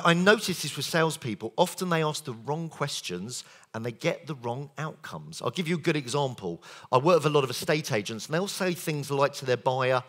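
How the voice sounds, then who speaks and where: A man delivers a sales-training keynote at a conference, his voice pitched a little high and swinging widely as he talks. He keeps the crowd involved with show-of-hands questions and quick asides. The tone is energetic and conversational. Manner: animated, engages audience with show-of-hands questions and jokes. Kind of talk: lively conference keynote talk. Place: conference hall.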